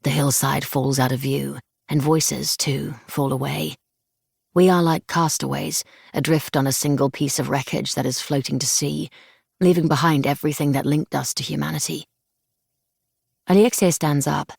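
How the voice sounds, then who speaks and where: A woman narrating a novel in first person, measured and hushed, on a close studio mic. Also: low voice, fairly even intonation, gravelly, breathy edge, dry recording. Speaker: audiobook narrator. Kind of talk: scripted narration.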